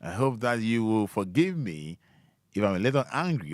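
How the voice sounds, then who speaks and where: A man's voice: lowish voice, no room sound. A man hosting a radio show, chatting casually and animatedly with teasing asides. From Ghana. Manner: animated, teasing, breaks into drawn-out sounds. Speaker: radio host.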